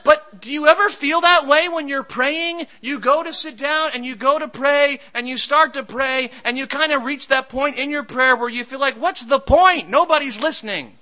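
Male preacher, high and very bright voice, conversational sermon delivery with storytelling. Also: fairly even intonation, normal speed, hardly any pauses, rough recording. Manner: storytelling, shouts during a comic anecdote.

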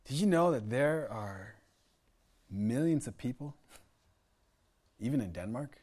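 A middle-aged man from the United States delivers a sermon in a storytelling way. His pitch sits in the ordinary middle range for a man. He talks earnestly and keeps restarting his phrases and repeating words. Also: expressive, unhurried, darkish tone. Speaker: pastor.

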